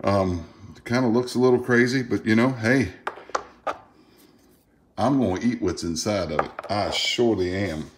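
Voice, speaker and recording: A man's voice: on the low side, normal speed, long pauses, a little hiss or hum. Folksy Louisiana man vlogging. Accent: Southern US, Louisiana. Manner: folksy, chatty, animated outbursts. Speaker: food vlogger. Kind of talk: casual unboxing and tasting vlog.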